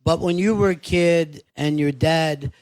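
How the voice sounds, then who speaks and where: Man, podcast host, candid conversation, earnest reflective manner, casual profanity, fairly high voice. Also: unhurried, a little mellow.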